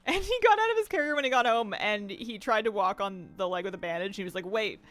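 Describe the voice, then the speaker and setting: Lively, chatty streamer at a home desk. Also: medium pitch, quick pace. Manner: chatty, coos at a cat in a playful baby voice; reads out and answers viewer chat. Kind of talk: casual chat while gaming.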